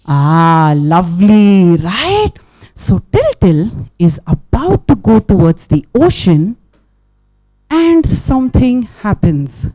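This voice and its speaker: A woman telling a story to children at a live event, animated, full of sound effects, who keeps asking her audience questions. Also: mid-range voice, takes it slowly, dry recording.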